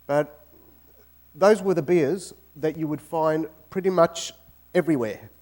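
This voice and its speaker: A man with an Australian accent giving a guest talk in a university auditorium and telling jokes in a lively, storytelling way. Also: on the high side, measured pace. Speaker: guest speaker. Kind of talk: informal talk with joke-telling.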